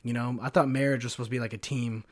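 A man's voice: medium pitch, little pitch movement, rapid-fire. A man in his twenties hosting his own podcast alone, rambling loosely, swearing often and laughing at his own jokes. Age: 20s. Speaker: podcast host. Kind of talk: casual solo podcast rant.

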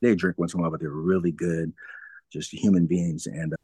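A man with a very low voice tells his own story as an interview guest. He is frank, laughs through hard memories and acts out old conversations. The sound is dry and close, with no room echo. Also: flat delivery, fast talker, mellow, husky. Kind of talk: candid personal storytelling.

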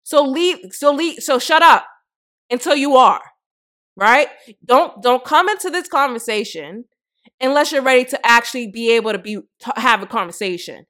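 A woman's voice: sits high, expressive, moderate pace, a bit bright. Blunt, profane woman podcast host. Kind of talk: casual opinion commentary.

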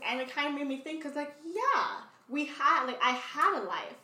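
Podcast co-host, woman in her 20s, bright and a bit high, recorded off-mic in a roomy space. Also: expressive, moderate pace, hardly any pauses, distant mic. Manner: chatty, tells long stories with quoted self-talk. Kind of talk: casual chat.

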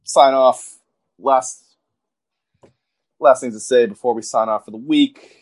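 A man's voice: mid-range voice, slow pace. A man co-hosting a podcast, rambling in casual banter, filling his talk with "like" and swearing often. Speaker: podcast co-host.

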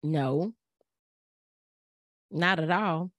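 A woman's voice: low-pitched, very slow, dry recording, clean studio sound. A middle-aged woman, speaking in an earnest, preachy way and repeating phrases for emphasis. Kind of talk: casual motivational talk.

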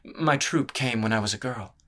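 Poised young woman, lifted bright voice, measured and polite, as a male narrator puts her on. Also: medium pitch, lightly acted. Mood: composed.

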